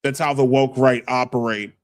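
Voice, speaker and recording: A man's voice: mid-range voice, fairly even intonation, normal speed, dry recording. A man with a New York accent hosting a casual livestream, brash and stammering as he reads chat aloud. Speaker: podcast host.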